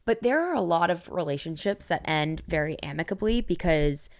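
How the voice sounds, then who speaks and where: A young woman co-hosting a podcast, giving supportive advice in casual chat with quick agreeing asides. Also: lowish voice, animated. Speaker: podcast co-host.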